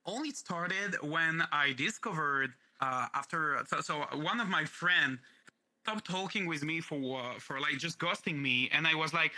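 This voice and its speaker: Bright-toned man with a French accent. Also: fairly high pitch, unhurried, rough recording. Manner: playful, shifts his voice freely, swears casually. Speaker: guest streamer. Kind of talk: casual interview chat.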